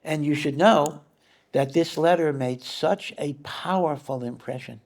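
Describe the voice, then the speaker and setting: Gravelly-voiced rabbi teaching a lively class. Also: male voice, on the high side, a little slow. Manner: animated, repeats phrases, acts out quoted voices. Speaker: rabbi giving a Torah class. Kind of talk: conversational Torah lecture.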